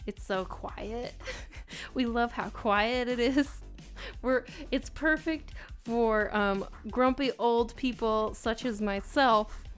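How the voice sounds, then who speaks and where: A woman's voice: a little high, takes it slowly. Chatty woman streamer, music behind. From United States. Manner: chatty, reads chat aloud, laughs often. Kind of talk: casual live-stream chat.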